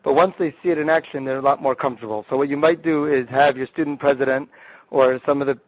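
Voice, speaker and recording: A man's voice: medium pitch, fairly even intonation, fast. A man, a rabbi, guest on the show, enthusiastically explaining group games step by step, often restarting his sentences. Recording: dull, dry lo-fi sound.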